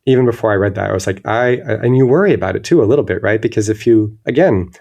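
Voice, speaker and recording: Gravelly, thoughtful low-voiced man. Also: fast talker, a little mellow, highs cut off. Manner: thoughtful, searching, many restarts. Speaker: guest illustrator. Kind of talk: reflective interview talk.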